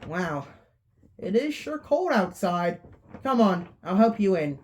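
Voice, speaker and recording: A woman voicing a sly man in a rabbit costume who coaxes a child in a falsely friendly, high voice. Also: big pitch swings, slow, darkish tone, slight background noise. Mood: coaxing.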